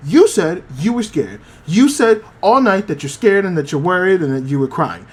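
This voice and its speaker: A man's voice: high-pitched, lively intonation, normal speed, slightly rough. A man putting on the voice of a blunt, grumpy and worried male pet dog, asking pointed incredulous questions.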